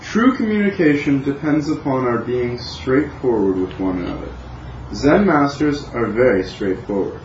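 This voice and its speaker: A man reads a Zen text aloud at a calm, measured pace, his pitch lively. He is heard from some distance in an echoey room. The recording is dull and lo-fi. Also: slight background noise.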